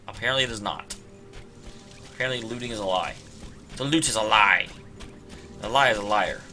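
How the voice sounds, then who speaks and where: A man's voice: fairly low pitch, brisk, pushed and bright. A man streaming a video game, chatting in a casual, sarcastic, playful way. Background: game music.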